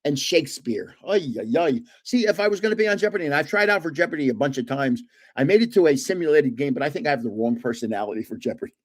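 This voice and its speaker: A man's voice: fairly high pitch, animated, quick pace. An older man hosting a casual livestream from home, rambling through anecdotes and chuckling often. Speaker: livestream host.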